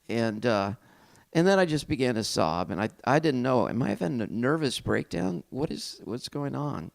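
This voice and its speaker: A man's voice: mid-range voice, big pitch swings, normal speed, creaky. Reflective man telling his story. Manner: reflective storytelling, candid and self-deprecating. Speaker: pastor. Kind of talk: personal testimony talk.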